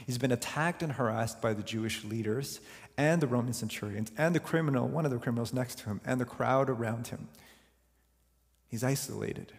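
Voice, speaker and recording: A man preaching a sermon as pastor, earnest and slowing down to dwell on key words. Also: medium pitch, vocal fry. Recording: long hall reverb.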